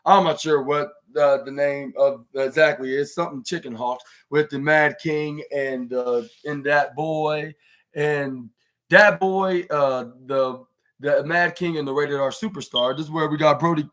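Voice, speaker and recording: Speaking at a measured pace with fairly even intonation, this man has a somewhat high, slightly bright voice. He hosts a wrestling podcast, rambling casually through a play-by-play recap with plenty of fillers and restarts, and voices the wrestlers' lines loudly.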